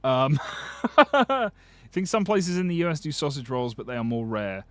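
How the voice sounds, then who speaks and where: A man's voice: fairly high pitch, animated, moderate pace, no echo. A man streaming, casually chatting and joking as he reads viewer comments, swearing freely and restarting his sentences. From United Kingdom. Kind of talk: casual livestream chat reading viewer comments.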